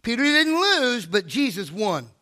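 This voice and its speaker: A man preaching to a church, telling a story in an animated way and acting out his own inner voice. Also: extremely high pitch, a little slow. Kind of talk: storytelling sermon.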